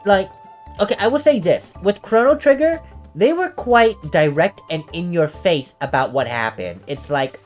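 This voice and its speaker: Brief: low-voiced woman commentating a game, animated and giggly, faint music behind. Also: normal speed. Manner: chatty, laughs often, self-deprecating. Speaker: let's play host. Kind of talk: casual gameplay commentary.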